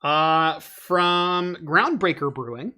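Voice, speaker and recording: A man's voice: fairly high pitch, slow pace, pushed and bright. A man hosting a casual tech podcast over a video call, chatty and laid-back with lots of fillers. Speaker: host.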